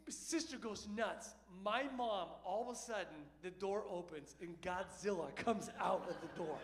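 A man tells a family story with lively, conversational energy and keeps checking in with his listeners. His voice sits high for a man. Long reverb from a large hall trails each phrase. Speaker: storyteller speaking to an audience. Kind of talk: animated personal storytelling.

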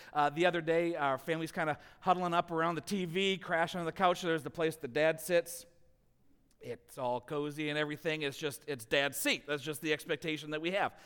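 A man preaching a sermon as a pastor, telling a family story with lively, animated delivery. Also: fairly high pitch, smooth, long reverb tail. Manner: animated storytelling, rising loud when acting out scenes.

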